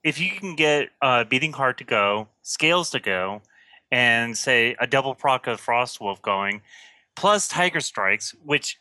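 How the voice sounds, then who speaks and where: Bright-voiced man, halting gaming talk. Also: medium pitch, expressive, dry recording. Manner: halting, many fillers and cut-off words. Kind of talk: casual gaming chat.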